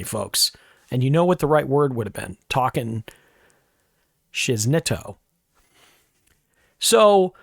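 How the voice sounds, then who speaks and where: A man's voice: medium pitch, a bit bright, no room sound. A man hosting a podcast, telling a rambling, chatty story with asides, in a dry close mic recording. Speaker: podcast host. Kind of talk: casual storytelling monologue.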